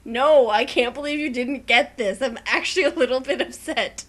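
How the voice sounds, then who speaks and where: A young woman co-hosting a let's play, talking and reading a game aloud with animated, dramatic enthusiasm. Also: high voice, normal speed.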